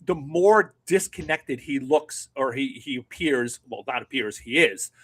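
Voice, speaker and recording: A middle-aged man co-hosts a political podcast, ranting sarcastically and swearing often in casual political commentary. His mid-range voice is a bit bright with a breathy edge, lively in intonation, and his pace is measured.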